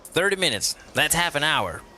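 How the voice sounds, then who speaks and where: An actor playing a friendly, hurried police officer who works with the detective. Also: male voice, a little high, sing-song, very noisy. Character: eager young male police officer friend. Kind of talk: comedy audio drama.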